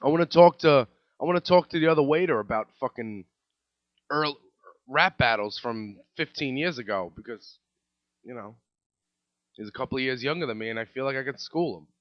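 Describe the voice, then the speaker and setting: A man's voice: medium pitch, animated, moderate pace, no room sound. A man in his thirties, a podcast host telling comedic stories in a profane, exasperated rant. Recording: dull lo-fi, dry.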